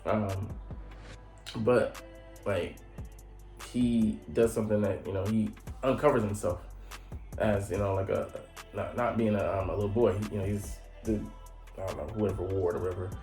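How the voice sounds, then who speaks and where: A man's voice: fairly low pitch, fairly even intonation, normal speed, long pauses, warm tone. A man casually recapping an anime episode as a channel host, rambling and profane with lots of fillers. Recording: echoey room with faint music.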